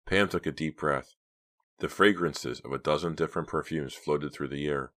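A man reads a novel aloud in a measured, hushed storytelling manner. His voice is extremely low, a dark bass that carries the narration. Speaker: audiobook narrator. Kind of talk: scripted narration.

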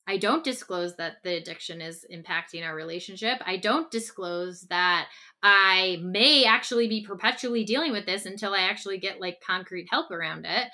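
A woman co-hosting a relationship podcast with a bright, forward tone. She builds a hypothetical scenario step by step in a casual, conversational way. She keeps checking in with quick "okay?" and "right?" asides. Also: mid-range voice. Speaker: podcast co-host.

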